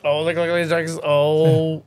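A man's voice: fairly high pitch, measured pace, smooth. A man casually riffing over a movie as a commentary host, swearing and joking. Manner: animated, swearing, jokey reactions.

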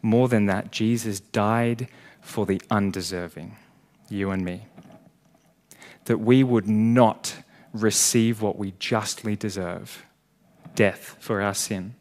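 Male pastor, low voice, earnest sermon delivery, swells loud then falls hushed. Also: steady tone, slow. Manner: earnest, rising to emphatic peaks then dropping quiet. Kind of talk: sermon ending in prayer. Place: church.

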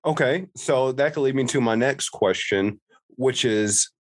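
A man's voice: medium pitch, measured pace. A man co-hosting a podcast, asking questions in a loose, joking way and swearing casually. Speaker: podcast co-host. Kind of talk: casual interview chat.

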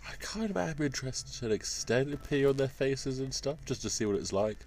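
Laughing, swearing podcast co-host. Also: male voice, medium pitch, expressive, a little fast, darkish tone, slight background noise. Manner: joking, laughing often, swearing. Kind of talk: casual crude banter. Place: outdoors in a garden.

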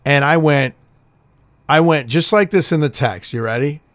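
A man's voice: a little high, moderate pace, fairly bright tone, no echo. A middle-aged man telling swear-filled family stories in a casual podcast chat, acting out quotes. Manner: profane, storytelling with acted-out quotes. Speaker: podcast co-host.

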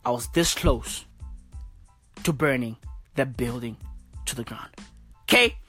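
A woman delivering a crude, profane comedic rant, repeating herself and bursting into loud, exasperated shouts. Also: rumbling low, a little slow, breathy edge, faint music behind. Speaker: comedic ranter.

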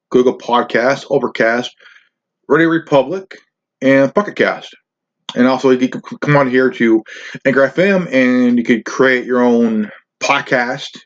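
A man's voice: medium pitch, muffled recording. A man hosting a podcast in a crude, rambling monologue, swearing, ranting and stumbling over his words. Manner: profane, ranting, stumbling restarts. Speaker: podcast host.

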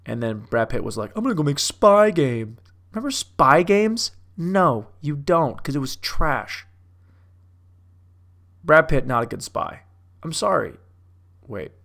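Gravelly young man riffing on movies. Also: mid-range voice, very animated, takes it slowly, pauses often, pushed and bright. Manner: profane, self-mocking, riffing. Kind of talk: casual rambling commentary.

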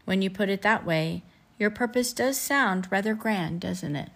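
A woman's voice: mid-range voice, normal speed, vocal fry, fairly bright tone. A woman reading as a blunt robot designer. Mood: matter-of-fact. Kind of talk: reading a storybook aloud.

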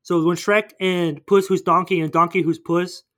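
A man rambles through a movie plot in casual podcast chat, slipping in quick character voices. His voice sits a little on the high side for a man. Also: little pitch movement, fairly bright tone. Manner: rambling storytelling, acting out characters. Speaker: podcast co-host.

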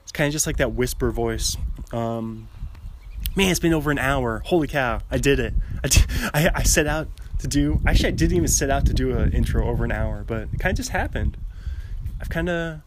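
A young podcast host with a mid-range voice rambles solo at a fairly quick clip, giggling often and cutting himself off as he walks around an outdoor gazebo in light drizzle. The background is noisy.

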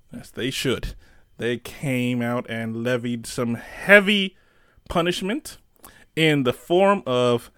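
Laid-back man with a mid-pitched voice. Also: fairly bright tone, no room sound, studio quality. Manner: laid-back, laughs easily, halting. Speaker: podcast co-host. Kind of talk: casual chat.

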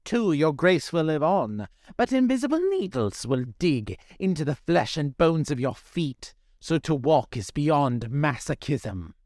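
A man's voice: a little high, very animated, a little slow, few pauses, a little mellow, no echo, studio quality, pitched above the performer's own voice. A man voicing a cruel old female sea witch, scornful and menacing in her speech.

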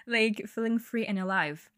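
Slow-talking young woman, dry close sound. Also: medium pitch, a bit bright, dry recording. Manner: slow, breathy-edged, laughing and swearing freely. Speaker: podcast host. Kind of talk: casual solo podcast monologue.

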